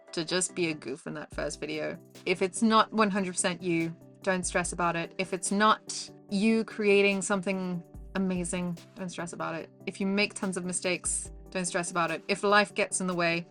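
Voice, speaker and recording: A woman's voice: mid-range voice, fairly bright tone. A woman with a South African accent, coaching viewers on camera in an upbeat, encouraging, playful way. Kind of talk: casual direct-to-camera advice.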